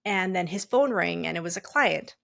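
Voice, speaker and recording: A woman's voice: lowish voice, animated, moderate pace, gravelly, a bit bright. A woman podcast host and coach telling a personal story in a candid, chatty way, full of fillers and restarts.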